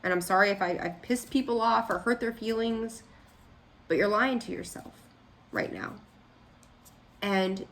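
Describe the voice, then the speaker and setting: A woman's voice: mid-range voice, a bit bright. A woman giving a casual tarot reading, blunt and frank, scolding her listeners and rambling with restarts. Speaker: tarot reader.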